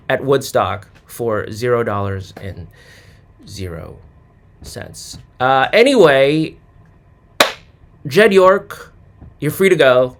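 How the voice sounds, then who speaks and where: A man in a casual comedic monologue, reading off names with deadpan, mock-clueless sarcastic asides and humming snatches of songs. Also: mid-range voice. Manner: hums and sings snatches of songs. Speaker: sports commentary vlogger.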